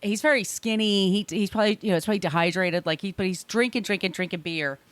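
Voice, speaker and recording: A woman co-hosting a podcast, retelling a film scene in a casual, animated way and acting out the lines. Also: mid-range voice, fast talker, clear, resonant tone, dry recording. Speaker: podcast co-host.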